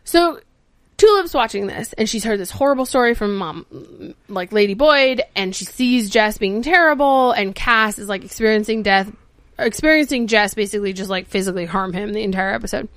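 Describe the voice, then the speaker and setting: A woman podcast host giving a casual, animated recap of a TV episode, acting out the characters' lines and swearing freely. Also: mid-range voice, normal speed, no echo. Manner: animated storytelling, acts out quotes, swears freely.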